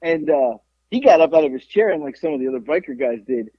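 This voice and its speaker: A man hosting a podcast, telling a rowdy story in casual chat, profane and animated, acting out the people in it. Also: on the high side, quick pace, dry recording. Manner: profane, animated, acts out the people in his stories. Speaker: podcast host. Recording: dull lo-fi podcast audio.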